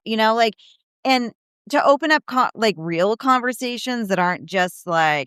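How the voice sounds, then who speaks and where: Smooth-voiced woman telling animated stories. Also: mid-range voice, measured pace, dry recording, studio quality. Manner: animated storyteller, acts out quoted people, many "you know, like" fillers. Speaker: guest, disability advocate and speaker. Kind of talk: casual podcast conversation.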